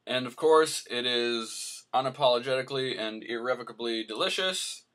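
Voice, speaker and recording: Man, cooking vlog host, bright voice, playful, tall tales, home kitchen. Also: medium pitch, moderate pace. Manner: hums to himself while cooking.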